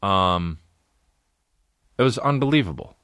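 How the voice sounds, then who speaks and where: A man's voice: fairly low pitch, animated, a little slow, fairly bright tone, dry recording, studio quality. A man hosting a solo comedy podcast, ranting and riffing with profane, exaggerated stories. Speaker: podcast host.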